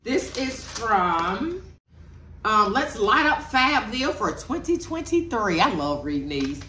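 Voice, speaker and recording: A woman's voice: fairly high pitch, big pitch swings, slow, bright, forceful tone. A woman, chatting casually with her viewers as she unboxes gifts. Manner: chatty, addresses viewers as y'all and child. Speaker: vlogger. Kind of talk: casual chat while unboxing. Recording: echoey room, mic at a distance, background noise.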